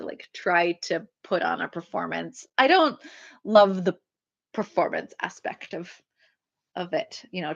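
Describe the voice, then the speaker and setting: A woman's voice: lowish voice, creaky, a bit bright, dull audio. A woman author chatting casually on a livestream, rambling with lots of fillers and small laughs as she answers viewers.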